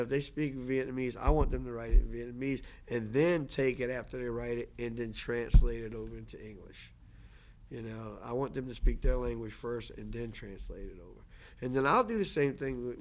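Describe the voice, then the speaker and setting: Man, casual earnest lecture, conversational, many restarts, average pitch. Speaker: language teacher and lecturer. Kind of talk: casual lecture answering questions.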